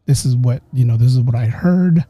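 A man hosting a podcast, telling a ghost story in a chatty way, talking straight to his listeners and slowing down for suspense. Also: mid-range voice, dark tone, husky, dry recording. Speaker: podcast host.

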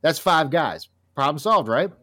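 A man co-hosting a casual comic book talk show, animated and laughing often as he reads panels aloud. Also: fairly high pitch, a little slow. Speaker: podcast co-host.

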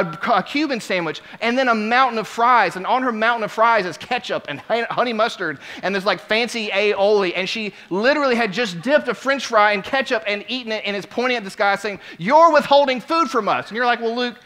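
Bright-voiced animated male preacher. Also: sits high, a little fast, few pauses. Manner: animated, swings from quiet to loud exclamations. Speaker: pastor. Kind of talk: sermon storytelling.

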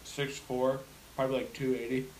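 A man's voice: medium pitch, flat delivery, moderate pace, a little hiss or hum. Laid-back young man, casual chat. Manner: laid-back, laughs often, quiet mumbling asides.

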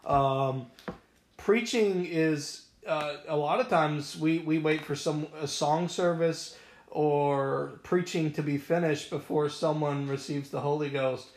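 A man hosts a casual church discussion, asking questions and slipping into a preacher's cadence. His voice is a bit high for a man. The room rings with echo. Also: takes it slowly. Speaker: podcast host, preacher. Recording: echoey room.

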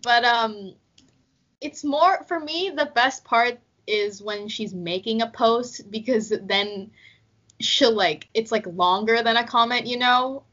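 A young woman with a bright, lively voice talks in a chatty, giggly way, with plenty of "like" and "you know". The sound is a little dull and lo-fi. Her voice sits slightly high for a woman. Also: slow pace. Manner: giggly, chatty, lots of fillers. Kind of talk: casual chat.

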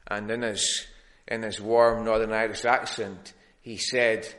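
A man's voice: on the low side, level tone, measured pace, a bit bright. Man preaching an earnest sermon. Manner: earnest, plain-spoken with frequent restarts. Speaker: pastor.

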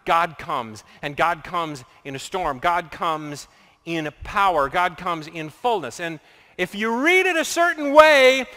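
A man's voice: high-pitched, animated, slow, bright, forceful tone. A man preaching a sermon as pastor, earnest and building his points through repetition. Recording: long reverb of a large hall.

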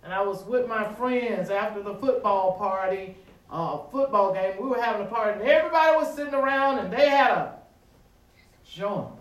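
A man preaching a sermon with call-and-response, stretching words with dramatic pauses and rising to shouts. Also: high-pitched, distant mic. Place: church sanctuary. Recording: echoey room, voice from afar.

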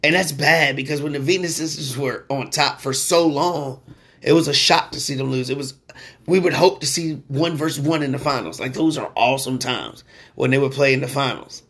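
Sports podcast guy, medium voice, chatty and slangy, gets worked up and loud on rants. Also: mid-range voice, moderate pace, slightly rough. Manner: animated, slangy, excitable when ranting. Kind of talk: casual sports talk.

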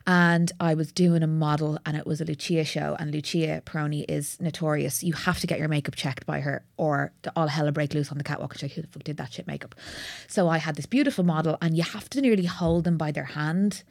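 A woman makeup artist telling work stories as a podcast guest in casual chat, animated and swearing freely. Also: low-pitched, brisk, vocal fry, hardly any pauses, no room sound, studio quality.

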